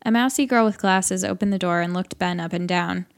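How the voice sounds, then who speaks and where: Deadpan woman audiobook narrator. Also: lowish voice, fairly quick, gravelly. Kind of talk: audiobook narration of a comic short story.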